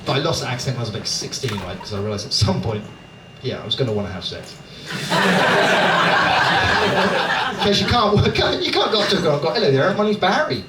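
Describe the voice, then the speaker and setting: On a comedy club stage, a British stand-up from Dorset, England does crowd work, chatty and self-mocking, regularly checking in with the audience. His mid-range voice is sing-song and a little fast, broken by long pauses. The echoey, noisy audio is captured from afar, with audience laughter and room noise behind him.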